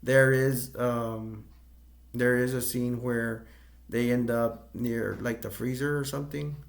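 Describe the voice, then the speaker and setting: A man retelling a film scene by scene in a loose, rambling way, full of ums and restarts. His voice stays level and even, with little rise or fall. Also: mid-range voice, slow pace, vocal fry. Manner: rambling, hesitant, with many fillers and self-corrections. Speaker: movie reviewer. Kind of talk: casual movie plot recap.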